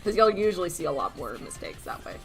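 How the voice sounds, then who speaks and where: A woman's voice: fairly low pitch, very animated, quick pace, creaky, fairly bright tone. A young woman chatting casually while she draws on stream, rambling and giggly, poking fun at herself. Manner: rambling, giggly, self-mocking, acts out quoted voices. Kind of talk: casual chat while drawing. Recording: faint background music.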